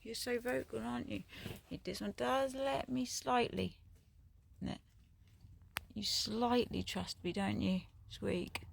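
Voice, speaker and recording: A woman, chatting casually to stray kittens and cooing at them in a high sing-song voice. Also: takes it slowly, gravelly, pauses often, slight background noise. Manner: coos and sing-songs to the kittens in high pitched baby talk. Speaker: vlogger. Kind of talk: casual chat to stray cats.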